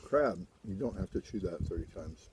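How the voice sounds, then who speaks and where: A man's voice: sits low, lively intonation, moderate pace. A man co-hosting a casual food chat at home, with dry, teasing humor. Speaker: co-host food critic. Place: home dining table. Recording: loud background noise.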